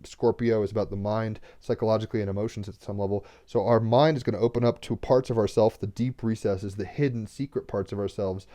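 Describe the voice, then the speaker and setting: A young man with a low, mellow voice talks on a home livestream about cards and the cosmos. He rambles earnestly, full of "like" and "right?", his voice sometimes catching as he gets teary. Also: fairly even intonation, fast, hardly any pauses. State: tearful, getting emotional. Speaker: tarot card reader. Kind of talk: casual spiritual livestream talk.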